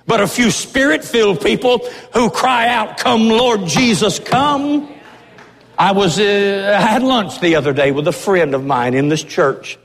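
High-voiced fervent preacher in a reverberant church. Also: male voice. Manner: impassioned, emphatic preaching. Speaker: pastor. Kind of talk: sermon. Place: church sanctuary. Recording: long reverb of a church hall.

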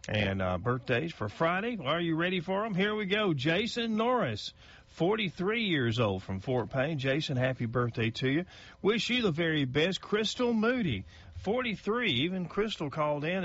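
A man's voice: mid-range voice, a bit bright, lo-fi sound. A middle-aged man, a local radio host reading out birthday announcements in a folksy, chatty way that stumbles over names.

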